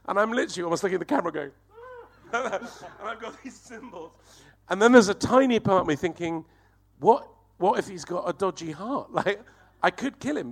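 A man, telling a profane, animated anecdote and laughing through it as a comedy guest. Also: on the high side. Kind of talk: anecdotal storytelling.

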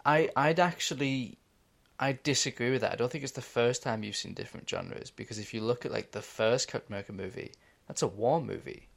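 A man's voice: medium pitch, brisk, gravelly. A young man co-hosting a podcast, talking enthusiastically and casually, swearing now and then and laughing often. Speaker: podcast co-host. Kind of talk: casual chat.

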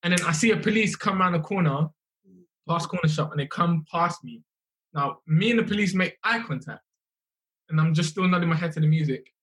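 Young guy, slightly high voice, animated storytelling, keeps repeating bits. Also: fairly quick. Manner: animated, repeats himself, acts out exchanges. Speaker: musician guest. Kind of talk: casual storytelling.

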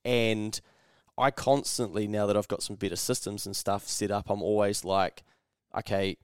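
A young New Zealand man hosts a casual podcast chat, speaking bluntly and swearing freely while telling stories and acting out quoted voices. His fairly low, resonant voice is clear with fairly even intonation at a normal speed, recorded in studio quality with no room sound.

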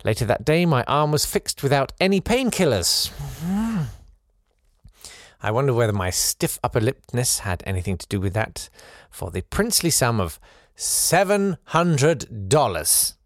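A man's voice: mid-range voice, unhurried, no room sound, studio quality. A man hosting a podcast, reading out a listener's letter with playful asides of his own. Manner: animated, playful asides between read passages.

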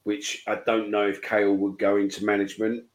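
A man's voice: on the low side, level tone, a little fast, crowd noise, low-quality recording. A man co-hosting a casual football chat show, blunt and sweary. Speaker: podcast co-host.

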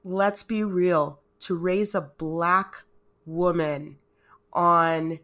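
A woman's voice: fairly low pitch, fairly even intonation, very slow, a bit bright. A woman co-hosting a podcast in casual chat, heartfelt and rambling, emotional and close to tears. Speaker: podcast co-host.

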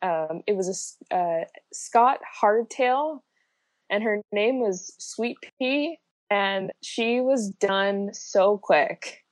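A woman's voice: medium pitch, slow, no echo. Laughing, chatty young woman. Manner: laughs often, lots of likes and ums. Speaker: guest. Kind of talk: casual chat.

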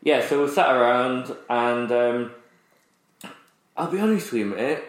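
A man's voice: medium pitch, lively intonation, unhurried. A man chatting casually as a podcast co-host, rambling through a story with restarts and laughs. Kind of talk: casual chat. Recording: roomy echoey room.

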